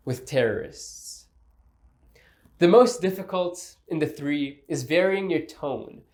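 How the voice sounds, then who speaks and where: A man giving scripted instructional narration on public speaking, speaking in a measured, clear way and shifting pace and pitch to demonstrate. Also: darkish tone. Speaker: speaking coach.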